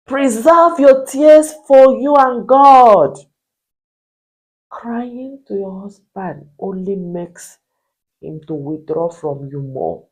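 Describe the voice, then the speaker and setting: A woman's voice: fairly low pitch, mellow, breathy edge, rough recording. A woman, a marriage coach preaching to wives in emphatic, repeated rhetorical questions. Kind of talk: motivational preaching.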